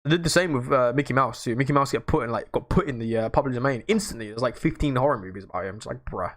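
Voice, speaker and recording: A young man hosting a casual livestream, chatting to viewers in a rambling, slangy way that jumps between loud outbursts and low mutters. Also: fast.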